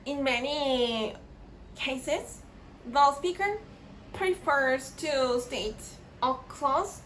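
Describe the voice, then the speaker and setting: A woman explaining grammar in a slow, halting lecture, often repeating words as she searches for phrasing. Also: high-pitched, fairly bright tone, slight background noise, poor audio.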